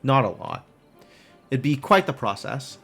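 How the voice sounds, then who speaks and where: A man's voice: mid-range voice, big pitch swings, a little slow, gravelly, fairly bright tone, breathy edge, faint music behind. A man streaming a game live, thinking aloud in casual, rambling commentary full of "like" and puzzled questions to himself.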